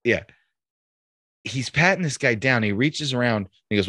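A man, a police officer, telling a rambling story in a relaxed, laughing way during casual chat. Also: on the low side, moderate pace, long pauses, no echo, studio quality.

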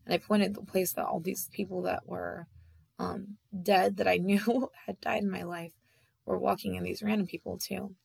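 A woman with a mid-range, strongly gravelly and husky voice shares a personal story in a flat delivery with a darkish tone. She speaks haltingly, full of fillers and restarts. The sound is dry and close, without any room echo.

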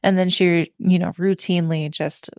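A woman's voice: on the low side, steady tone, moderate pace, no room sound. Emphatic woman podcaster, dry close sound. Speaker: podcast co-host. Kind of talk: casual chat.

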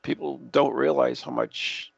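Gravelly, husky man with a lively voice. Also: medium pitch, a little slow, dry recording. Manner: chatty, lively and affirming. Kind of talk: casual radio chat. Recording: dry, dull lo-fi recording.

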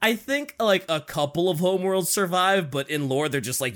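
A man hosting a casual, rambling chat, animated and giggly, with frequent swearing. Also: sits high, moderate pace, hardly any pauses.

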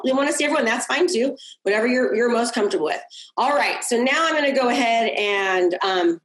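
A woman's voice: fairly high pitch, fairly bright tone. Upbeat woman coach on an echoey call. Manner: upbeat, encouraging, repeats key points, asks "okay?". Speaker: business coach. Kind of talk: live group coaching on a video call. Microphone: video call.

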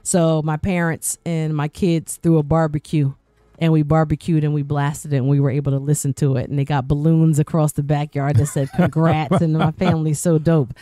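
A woman's voice: sits low, flat delivery, normal speed, dark tone, no echo, studio quality. A woman radio personality guest-hosting a podcast, telling a personal story in a talkative way that repeats words, restarts and acts out quoted voices.

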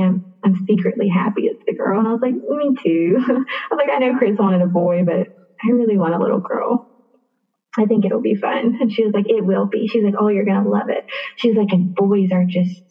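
A young woman telling a personal story in a casual interview, chatty with lots of fillers and acted-out quotes. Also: mid-range voice. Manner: chatty, many fillers, acts out quoted dialogue. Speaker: interview guest. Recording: tinny phone-like line.

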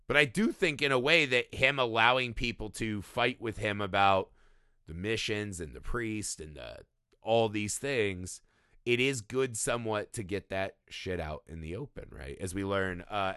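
A man co-hosting a podcast, chatting casually about a film, animated and profane, laughing often. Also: fairly low pitch, normal speed, clean tone, no echo, studio quality. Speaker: podcast co-host.

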